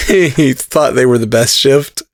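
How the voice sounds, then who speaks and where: A man hosting a podcast in casual chat, laughing often and talking quickly with lots of filler words. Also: mid-range voice, a bit bright, no echo, studio quality. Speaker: podcast host.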